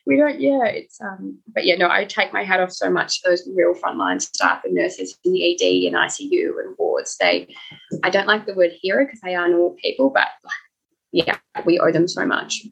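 A woman chats as a guest on a podcast, rambling a little and slipping into lively quoted voices. Her voice is gravelly with a husky edge. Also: fairly low pitch, moderate pace, poor audio. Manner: chatty, rambling, quotes people in raised voices. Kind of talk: casual interview chat.

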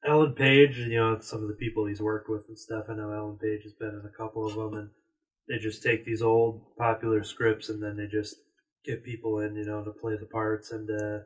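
A man's voice: on the low side, little pitch movement, brisk. A man co-hosting a casual podcast from a store, rambling with lots of fillers. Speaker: podcast co-host. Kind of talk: casual chat. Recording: distant from the mic.

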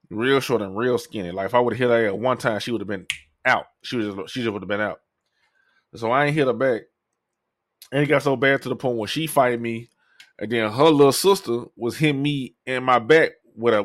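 A man hosts a podcast and tells a long personal story in a loose, profane style. He acts out what the other people in the story said. His voice sits at an ordinary middle pitch, and the recording is close and dry with no room sound. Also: no room sound. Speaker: podcast host. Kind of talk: casual storytelling.

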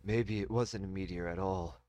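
A man voicing a weary, skeptical man who speaks slowly and hesitantly. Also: low-pitched, fairly even intonation, a little mellow, no room sound, close to an everyday voice. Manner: slow and hesitant.

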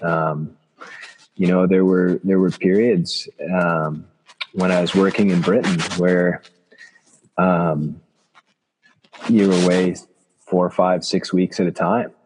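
A man, a chiropractor from Canada, telling personal stories in an interview, halting and reflective with many restarts. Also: deep voice, level tone, darkish tone, slightly rough. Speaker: guest, chiropractor.

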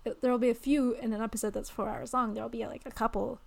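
A woman's voice: on the high side, steady tone, fast, vocal fry. A young woman co-hosting a podcast, chatting casually, laughing often and filling her talk with "like" and "um". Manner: chatty, laughs often, many likes and ums. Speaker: podcast co-host. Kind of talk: casual chat.

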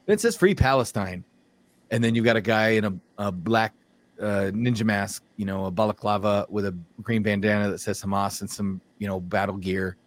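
A man hosting a podcast who speaks bluntly and likes to tell stories. His voice is low. The sound is dry and close to the mic. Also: flat delivery, a little fast, no echo. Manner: blunt, storytelling, laughs often. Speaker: podcast host. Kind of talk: casual opinionated chat.

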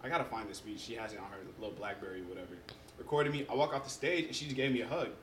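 Fast-talking young man, roomy sound. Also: on the low side, a little hiss or hum. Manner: animated storyteller who acts out quotes. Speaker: podcast guest. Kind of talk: casual chat. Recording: roomy echo.

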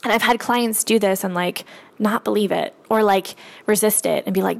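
A woman's voice: mid-range voice, brisk, vocal fry. A woman author and coach telling a candid, casual story about money, swearing freely and using many fillers.

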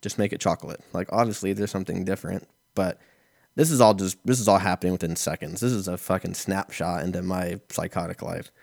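This podcast host, a man in his thirties, speaks low and brisk with a steady tone, a darkish timbre, and some vocal fry. His casual comedic storytelling is rambling, profane, and self-mocking, captured in clean studio sound without echo.

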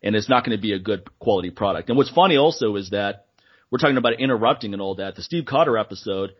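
A man's voice: lowish voice, lively intonation, fast, husky, highs cut off. A man co-hosting a podcast in casual chat, laughing often, swearing freely and acting out other people's voices. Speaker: podcast co-host.

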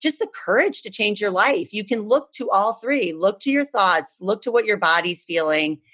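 A woman's voice: mid-range voice, lively intonation, normal speed, fairly bright tone, husky. A woman from the United States, earnestly telling a personal story in a casual chat. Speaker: guest.

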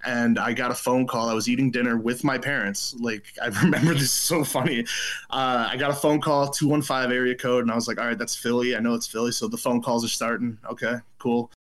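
A man in his thirties, a podcast guest, telling a story in casual chat, animated and laughing, acting out quotes in a raised voice. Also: mid-range voice, brisk.

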